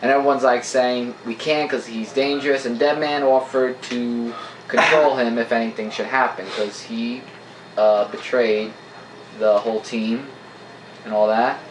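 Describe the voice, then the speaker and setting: An eager man rambles through a plot recap, full of fillers, in a mid-pitched voice. He is recorded in a room that rings with echo, with a faint hiss underneath. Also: level tone, a little slow. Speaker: comic book reviewer, co-host. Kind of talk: casual review chat, plot recap. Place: indoor room with a camera. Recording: echoey room.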